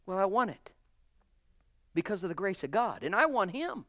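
A man preaching a sermon to a congregation, fervent, swinging from hushed, soft passages to loud exclamations. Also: high-pitched, very animated, normal speed, long pauses, no room sound, clean studio sound. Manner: addresses congregation as brothers and sisters. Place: church.

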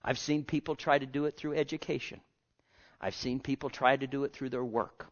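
A man preaching a sermon with passion, swinging between loud pleading and hushed, almost whispered lines. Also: medium pitch, steady tone, a little fast. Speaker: pastor. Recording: lo-fi dull sound.

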